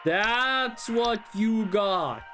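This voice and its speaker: A streamer giving live game commentary, thinking aloud and swearing in an animated way. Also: medium pitch, drawn-out words, faint music behind.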